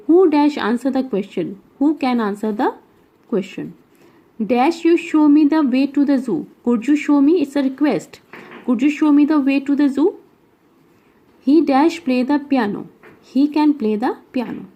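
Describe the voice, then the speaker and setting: A woman with an Indian English accent leads a grammar lesson, reading out exercises and explaining them patiently step by step. Her voice is a little high yet warm and mellow, and she keeps checking that her students follow along. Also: muffled recording. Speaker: English teacher.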